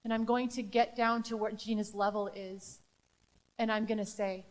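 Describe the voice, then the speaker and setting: A woman's voice: medium pitch, little pitch movement, moderate pace. A woman presenting a live training to educators, talking emphatically and asking the audience rhetorical questions. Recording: long hall reverb.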